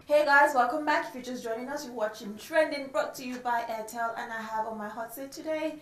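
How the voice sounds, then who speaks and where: A woman's voice: fairly high pitch, brisk, music in the background. Playful woman hosting in a roomy studio. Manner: playful, teasing. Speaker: host. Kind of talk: entertainment show interview.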